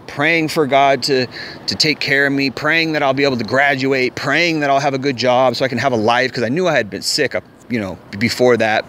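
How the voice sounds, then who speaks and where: A man's voice: mid-range voice, a little hiss or hum. A man telling a personal story in casual, rambling vlog style, candid and profane, repeating himself as he goes. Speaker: vlogger.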